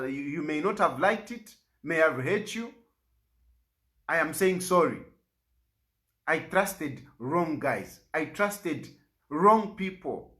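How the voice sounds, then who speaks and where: A man's voice: sits high, a bit bright. A man with a Zambian accent making an aggrieved, pleading public statement, repeating himself for emphasis. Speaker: politician.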